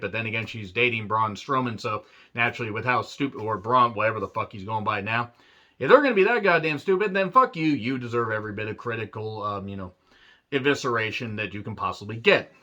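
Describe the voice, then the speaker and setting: A man's voice: mid-range voice, pushed and bright, lo-fi sound. A man reviewing a wrestling show in a profane, sarcastic rant. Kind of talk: ranting review vlog.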